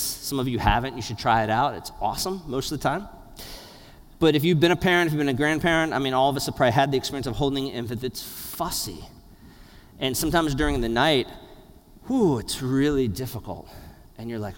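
A man in his thirties preaching a sermon as a pastor, animated, dropping to a hush and rising loud, with playful laughs. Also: mid-range voice. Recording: long hall reverb.

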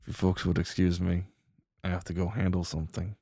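A man voicing a proud, calm male sailor who speaks with a refined accent in a formal, measured, polite way. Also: deep voice, no echo, studio quality. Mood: stern.

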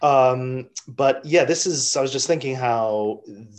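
A man's voice: medium pitch, unhurried. A man co-hosting a podcast in casual chat, musing and hesitant, with many fillers. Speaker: podcast co-host.

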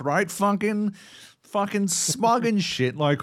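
A man co-hosting a gaming podcast, telling stories in a loud, sweary, mock-indignant way. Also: high-pitched, sing-song, takes it slowly. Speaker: podcast co-host. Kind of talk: casual chat.

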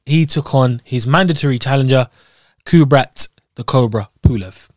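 A man's voice: mid-range voice, normal speed, a little hiss or hum. A young man from Scotland co-hosting a podcast in loose, rambling, jokey chat. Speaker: podcast co-host. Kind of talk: casual chat.

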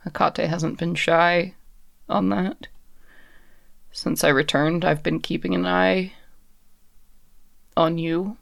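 A performer voicing a wary, guarded undead woman who is bound like a puppet on a leash, speaking in slow, halting lines. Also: medium pitch, flat delivery, creaky, fairly bright tone, dry recording, clean studio sound, full character voice. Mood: earnest.

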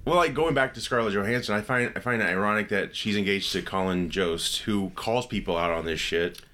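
A man's voice: fairly low pitch, brisk, sharp tone. A man hosting a casual podcast chat, asking his co-hosts questions and steering the talk.

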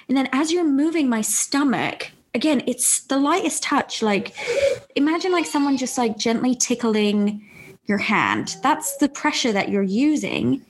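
A young woman with a fairly high voice hosts a casual podcast conversation. She tells her story in an animated way and laughs often as she talks. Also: brisk, slightly rough. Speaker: podcast host. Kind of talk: casual interview chat.

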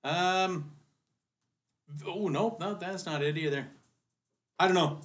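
A man's voice: high voice, slow, a bit bright. A young man and podcast co-host in casual chat, hesitant and sometimes exasperated, with many fillers.

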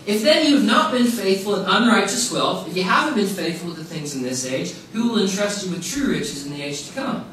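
A man's voice: high voice, lively intonation, brisk, hardly any pauses, a bit bright. A man preaching a sermon, emphatic and casual, repeating his key phrases for stress. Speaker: pastor. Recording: very echoey room, mic far off, faint noise.

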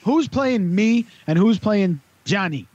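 High-voiced teasing Welsh host. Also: male voice, lively intonation, slow, darkish tone, lo-fi sound. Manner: teasing, playful. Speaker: quiz host. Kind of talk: casual chat.

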